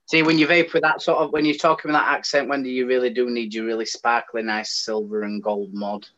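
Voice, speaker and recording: As a guest in a casual chat, a British man with an English accent talks fairly quickly at medium pitch. He's animated, ranting with plenty of feeling, and the recording is dull and lo-fi.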